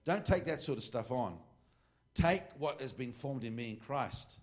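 This middle-aged Australian man talks a little slowly in a mid-range voice with lively intonation as he gives an informal sermon to a ministry class. It's a rambling, joking talk full of asides and self-corrections.

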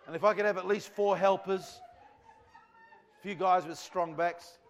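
A man's voice: sits high, steady tone, normal speed. A man preaching a revival sermon to a church congregation, fervent and rambling in a conversational way. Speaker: visiting evangelist.

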